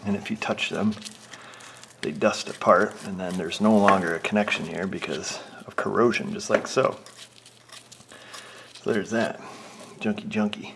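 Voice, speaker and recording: Joking mechanic with a gravelly low voice. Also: male voice, fairly even intonation, unhurried, pauses often. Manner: joking, rambling, talks to himself and the parts. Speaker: auto mechanic and shop owner. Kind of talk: casual workshop vlog, talking while working. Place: auto repair shop bay. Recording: noisy garage with tool clicks.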